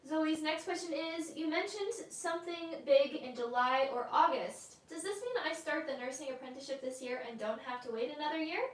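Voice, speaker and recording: A woman co-hosting a live session, briskly reading viewers' questions aloud. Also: high voice, reverberant, far from the mic. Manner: brisk, reads questions quickly.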